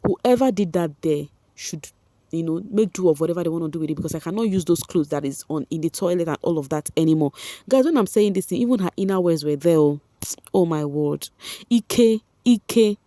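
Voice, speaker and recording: A Nigerian-accented woman vlogging a casual recap, chatty and animated as she keeps talking straight to her viewers. Her voice is mellow and warm. The recording is close and dry. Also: sits low, quick pace, dry recording. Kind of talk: casual reality-show recap.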